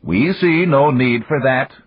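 A man's voice: mid-range voice, lively intonation, a little fast, breathy edge, no echo, pitched above the performer's own voice. A man voicing a stern, angry male Russian official who snaps and growls his words. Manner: curt, snapping, growling. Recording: dull dry lo-fi recording.

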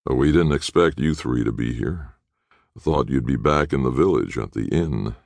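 A man voicing a tense, reluctant male accomplice who speaks quietly, almost in a whisper. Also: very deep voice, moderate pace, gravelly, no echo. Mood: grim.

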